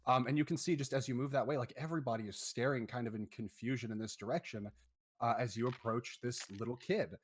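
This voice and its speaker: A man's voice: medium pitch, steady tone, fast talker. Man narrating as game master. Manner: descriptive, loose with fillers.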